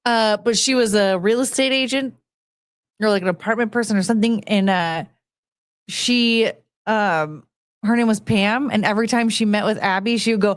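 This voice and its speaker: A woman's voice: medium pitch, normal speed, dry recording, studio quality. Rambling, chatty woman podcast host. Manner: rambling, chatty, laughs often, swears casually. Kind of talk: casual chat.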